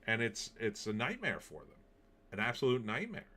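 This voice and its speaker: Very animated, with a bright, forceful tone at medium pitch and normal speed, this male show host riffs on politics and movies. His delivery is sarcastic and wandering, packed with filler words.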